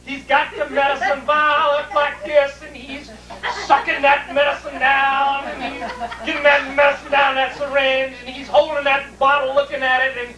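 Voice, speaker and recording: A woman telling a long humorous story to a live audience in a folksy, drawn-out way. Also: high-pitched, level tone, sharp tone. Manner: folksy, drawn-out, vivid retelling. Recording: distant, roomy, noisy 1980s video recording.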